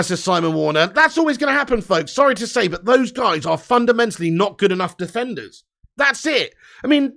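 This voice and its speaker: A man's voice: sits high, creaky, fairly bright tone. A young man hosting a live football watch-along, commentating and ranting with lots of swearing. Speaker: fan watch-along host.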